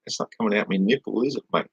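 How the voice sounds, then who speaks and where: A man's voice: fairly low pitch, fast talker, a bit bright, slightly rough, dry recording, dull audio. A man hosting a casual livestream, answering chat questions in a mocking, dismissive way and swearing now and then.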